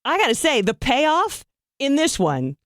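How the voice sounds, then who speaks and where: A man co-hosting a podcast, telling stories in an animated, enthusiastic way. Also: very high-pitched, measured pace, no room sound, studio quality. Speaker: podcast co-host. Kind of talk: casual podcast chat.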